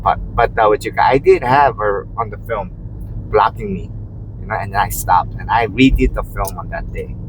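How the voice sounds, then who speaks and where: Inside a moving car, with faint road noise in the recording, a man who drives rideshare chats and tells stories in a lowish voice at a moderate pace. He rambles with plenty of "you know" and restarts, raising his voice to act out quotes.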